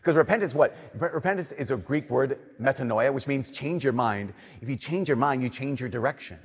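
A young man, a Catholic priest, giving an earnest, conversational homily that drops to soft emphasis. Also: mid-range voice, expressive, brisk, slightly rough. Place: church. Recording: long church reverb.

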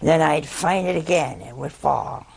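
Older woman, nun, gravelly voice, unhurried, folksy self-mocking storyteller. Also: deep voice, rough recording. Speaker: nun, head of a religious community. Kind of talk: humorous personal storytelling to an audience.

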